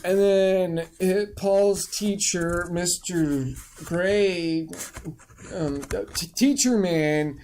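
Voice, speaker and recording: A man's voice: sits high, extremely slow, a little mellow, slight background noise. A drunk young man giving a rambling, crude comic summary of a book, full of fillers.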